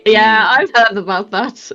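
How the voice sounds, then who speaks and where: A woman player at a tabletop game, chatting casually with a giggly, apologetic manner. Her voice sits a little high and comes through a dull, lo-fi mic. Faint music runs underneath. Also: takes it slowly, bright, forceful tone.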